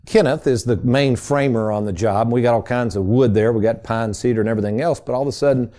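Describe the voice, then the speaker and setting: A middle-aged man talks into a studio microphone as a radio host. His voice is mellow and warm, and he sits at an ordinary pitch for a man. He tells stories in a folksy, chatty way and calls his listeners folks. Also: fast. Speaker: radio show host and financial advisor. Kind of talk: casual storytelling radio talk.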